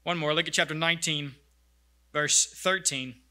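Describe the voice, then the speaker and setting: A man's voice: on the high side, fairly even intonation, moderate pace, pushed and bright. A man preaching a sermon as pastor, earnest and reflective.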